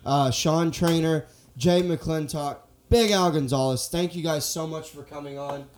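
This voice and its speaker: A man's voice: on the high side, unhurried, a little mellow, slight background noise. A man hosting a podcast, chatting casually and eagerly agreeing with his guests. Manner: enthusiastic, frequent agreeing backchannels. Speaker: podcast host.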